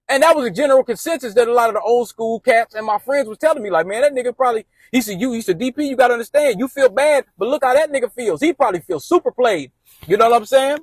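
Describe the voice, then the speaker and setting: Man, high voice, casual storytime, slangy and rambling, quoting friends, dry close sound. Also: animated, fast, dry recording.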